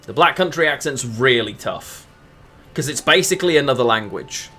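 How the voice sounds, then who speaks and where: Lively man streaming a game. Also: fairly high pitch. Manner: thinks aloud, chats with viewers between moves. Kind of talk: casual commentary while playing a game.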